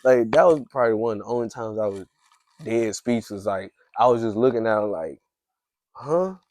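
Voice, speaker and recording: A man with a fairly low voice hosts a podcast, telling a story briskly but casually and rambling, leaning heavily on "like" and restarting often. There is background noise.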